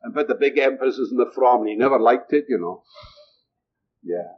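A man's voice: mid-range voice, animated, brisk, breathy edge. An older man from Scotland preaching a sermon, often asking his listeners rhetorical questions. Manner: rhetorical, asks the audience questions. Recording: muffled lo-fi recording.

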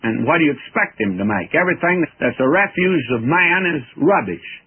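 A man's voice: on the high side, animated, normal speed, slightly rough. A man teaching the Bible verse by verse in a folksy, earnest, emphatic way. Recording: tinny old radio broadcast.

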